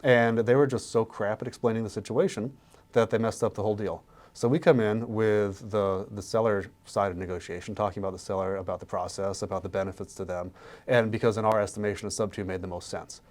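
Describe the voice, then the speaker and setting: A man with a lowish voice talks real estate on a podcast at a brisk clip. He gets animated when he acts out sales pitches to sellers, and the talk stays casual throughout.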